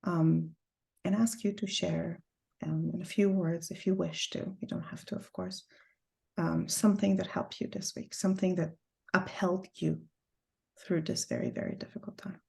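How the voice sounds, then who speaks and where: A woman teaching an online class over a video call, telling a personal story earnestly and with deep feeling. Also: steady tone, moderate pace, vocal fry, dark tone. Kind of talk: heartfelt personal talk to a class.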